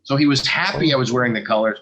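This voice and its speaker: A man's voice: medium pitch, racing, over a noisy crowd, rough recording. An American man from New York, a comedian guest, chatting casually and telling dry, self-deprecating stories. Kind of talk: casual chat, anecdotes.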